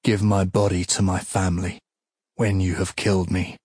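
Brief: a doomed warrior read by a man, soft dignified plea, low husky voice. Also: flat delivery, normal speed, no room sound, clean studio sound. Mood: pleading. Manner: quiet pleading.

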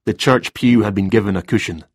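Audiobook narrator, male, measured, low husky voice, dry close mic. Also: dry recording. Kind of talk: scripted narration of a crime novel.

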